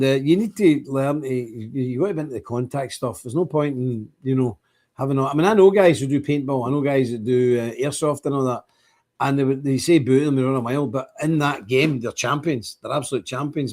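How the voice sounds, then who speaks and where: A man's voice: mid-range voice, a little mellow. A man hosting a livestream in a casual, rambling monologue, greeting and answering viewers by name. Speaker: livestream host.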